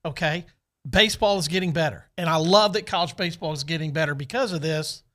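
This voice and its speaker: A man's voice: fairly high pitch, quick pace, fairly bright tone. A man who used to coach junior college, explaining things step by step on sports radio and repeating words while he thinks. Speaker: guest analyst, former junior college coach.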